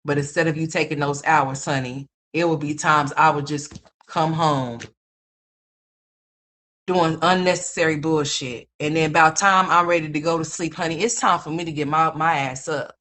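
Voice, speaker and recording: A woman in her fifties hosts a casual livestream, spinning salty, profane stories for her chat. Her voice sits a little low but comes out bright and forceful, and she laughs at her own punchlines. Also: fairly even intonation, normal speed. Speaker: livestream host.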